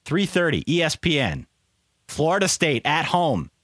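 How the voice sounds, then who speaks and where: A man co-hosting a casual sports podcast, talking in an animated, playfully indignant way. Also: a little high, normal speed, no echo, clean studio sound. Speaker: podcast co-host.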